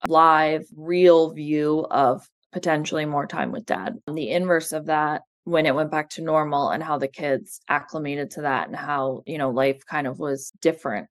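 A woman from New Jersey, a guest in an interview, giving an earnest, steady personal account with a lot of "you know" and "like". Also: sits low, normal speed, few pauses, dry recording, studio quality. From New Jersey, USA. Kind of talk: candid personal account in conversation.

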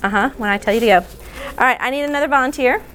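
Woman running a lively workshop indoors, directing volunteers, slightly high voice. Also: slight background noise. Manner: chatty, directs volunteers, quick asides. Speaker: workshop speaker. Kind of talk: interactive workshop session. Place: indoor room.

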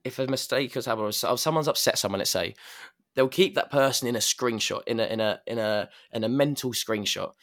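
A man's voice: mid-range voice, a little fast, fairly bright tone. A man in casual chat, talking reflectively about personal growth, with many restarts and fillers.

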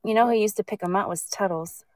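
Calm, relaxing-voiced woman on the line. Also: mid-range voice, fast talker, noisy background. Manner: soft-spoken and laid-back. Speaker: caller on the phone line. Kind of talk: casual chat.

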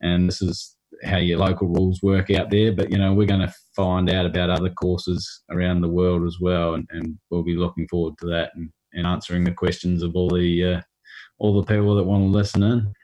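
A man with a mixed Australian and New Zealand accent, chatting on a podcast as a guest and pausing often with hesitations. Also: low voice, flat delivery, a little mellow, rough recording. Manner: hesitant, many ums and restarts. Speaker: golf rules podcast guest. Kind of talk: casual podcast chat. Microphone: remote call.

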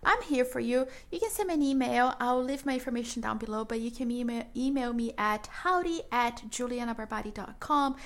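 A woman's voice: fairly high pitch, a little fast, few pauses, fairly bright tone. A young woman branding coach talking to her listeners, enthusiastic and encouraging, calling them mama. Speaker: branding coach and podcast host. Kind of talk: upbeat solo talk to listeners.

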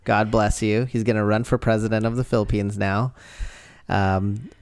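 A man talking in a casual chat on a podcast, animated and often laughing as he makes his points. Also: fairly low pitch, moderate pace, clean tone, dry recording. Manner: animated, laughs often, jumps into a put-on Australian voice.

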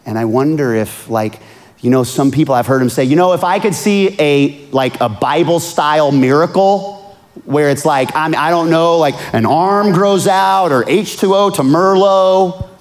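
A man preaching a sermon, swinging from hushed, earnest lines to loud pleading outbursts. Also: fairly high pitch, a little slow. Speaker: pastor.

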